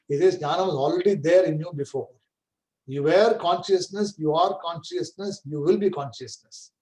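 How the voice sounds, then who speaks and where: A man's voice: fairly high pitch, normal speed, a little mellow, low-quality recording. A man teaching a scripture class, explaining patiently and often checking that listeners follow. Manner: explains patiently, checks understanding with "right?" and "correct?". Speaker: Vedanta teacher.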